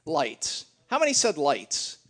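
A man's voice: on the high side, huge pitch swings, slow, fairly bright tone. A middle-aged man leading a church gathering, joking and teasing his congregation in a casual, chatty way.

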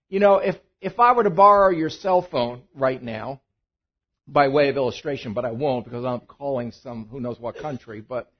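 A male pastor preaching a sermon, swinging between loud emphatic bursts and quiet asides. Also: medium pitch, slightly rough, lo-fi sound. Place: church.

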